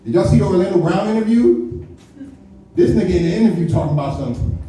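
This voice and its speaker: A male comedian works a club stage, swearing freely and slipping into mock voices as he riffs. His voice sits a little high but has a mellow, dark tone. He is picked up from a distance, and a big echoing room rings behind every line. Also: animated, fast, slight background noise. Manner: loose, swearing, slangy storytelling with mock impressions. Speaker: stand-up comedian. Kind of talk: live stand-up set. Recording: echoey venue picked up from a distance.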